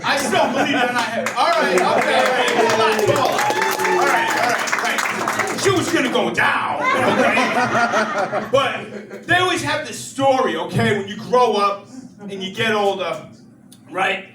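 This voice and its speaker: A young man doing stand-up and crowd work, chatty, with many "you know"s and animated rants. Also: very high voice, measured pace. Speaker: stand-up comedian. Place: comedy club. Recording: echoey club from far off, loud crowd laughter.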